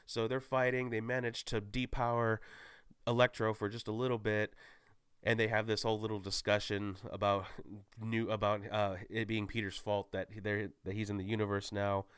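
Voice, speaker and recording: A man's voice: on the low side, fairly bright tone, clean tone, no echo, clean studio sound. A man giving a casual, rambling movie spoiler recap, often stopping to correct himself. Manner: rambling, self-correcting, many restarts. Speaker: movie reviewer.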